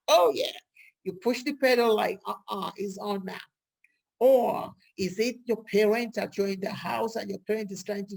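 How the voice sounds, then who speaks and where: A woman's voice: mid-range voice, creaky, breathy edge. A woman vlogger talking casually to her viewers, asking them questions and acting out what people say. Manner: lively, rhetorical questions, acts out quoted speech. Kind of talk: casual talk to camera.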